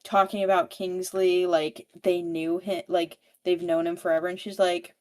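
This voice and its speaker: A woman's voice: fairly low pitch, flat delivery, normal speed, darkish tone. A woman podcast co-host recapping a book in casual chat, rambling and full of filler "like"s. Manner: rambling, filler-heavy with frequent "like".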